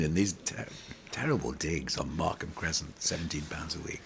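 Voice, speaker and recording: A middle-aged man, a pantomime actor, telling animated, rambling stories in an interview, full of restarts. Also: deep voice, normal speed, creaky, a little hiss or hum. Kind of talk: casual interview storytelling.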